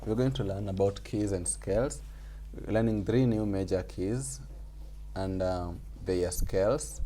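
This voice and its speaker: A man's voice: low voice, measured pace, mellow, a little hiss or hum. A man teaching a music theory class over a video call, explaining patiently and repeating his points with small fillers. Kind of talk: online group class lesson.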